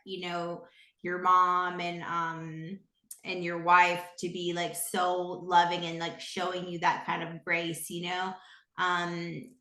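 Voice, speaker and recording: A woman hosting a conversation about recovery, talking softly with many fillers and hesitations. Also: on the low side, reverberant. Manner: soft, filler-heavy and hesitant. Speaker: podcast host. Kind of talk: conversational interview.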